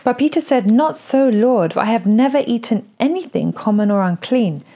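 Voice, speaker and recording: A woman reading Bible verses aloud at a steady, even pace during a teaching. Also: on the high side, normal speed. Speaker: scripture reader.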